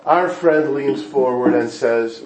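A man delivering a sermon with storytelling in a synagogue hall, moving from hushed to impassioned. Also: medium pitch, slow, slight background noise. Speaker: speaker at an evening gathering. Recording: echoey room.

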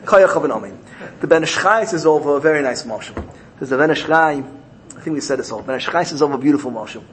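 A man's voice: a little high, fast talker, slight background noise, poor audio. Man telling a parable in a sermon. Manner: animated storyteller, repeating key phrases. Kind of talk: sermon built on told parables.

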